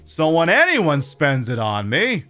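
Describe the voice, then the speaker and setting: A man's voice: fairly high pitch, huge pitch swings, a little slow, sharp tone, soft background music. A man who streams as a drag queen, chatting casually and profanely to his audience and using lots of fillers. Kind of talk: casual livestream chat.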